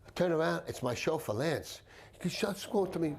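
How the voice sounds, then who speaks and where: Firefighter telling a vivid story. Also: male voice, a little high, fairly quick, creaky. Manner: vivid storyteller who acts out shouted quotes. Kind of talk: documentary interview recollection.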